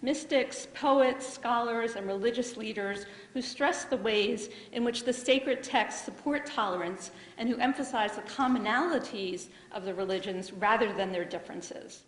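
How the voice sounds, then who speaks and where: A woman lectures with earnest enthusiasm. Her voice sits a little high. The room is echoey, with a long reverb. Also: moderate pace, few pauses. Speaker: speaker. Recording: echoey hall.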